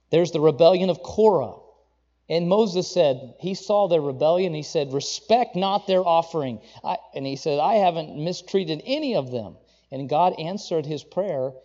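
A man's voice: on the high side, warm tone, lo-fi sound. A man preaching a sermon in a conversational, self-correcting way, rising into emphatic quotations of scripture.

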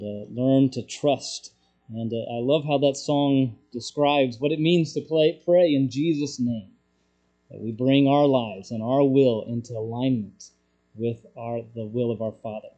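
A middle-aged man preaching a sermon as pastor, in a halting, conversational way with frequent fillers and restarts. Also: medium pitch, dark tone, lo-fi sound.

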